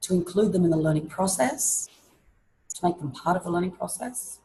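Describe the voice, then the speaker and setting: A woman presenting an online teaching webinar, explaining classroom activities in a lively way and acting out examples. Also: lowish voice, fairly quick, a little hiss or hum, poor audio. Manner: lively, demonstrates classroom voices and chants.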